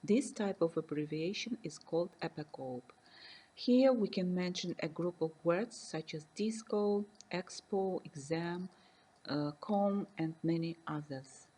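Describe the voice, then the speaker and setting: A woman lecturer reading a recorded university lesson slowly and carefully, defining terms and giving examples. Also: on the low side, warm tone, breathy edge, rough recording.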